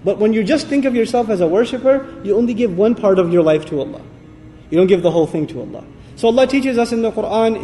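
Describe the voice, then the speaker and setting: A man delivers an earnest, emphatic religious lecture, often asking his listeners questions. His voice sits high for a man but sounds mellow and dark in tone. A long hall reverb trails each phrase. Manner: recites Quranic Arabic verses. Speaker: Islamic lecturer.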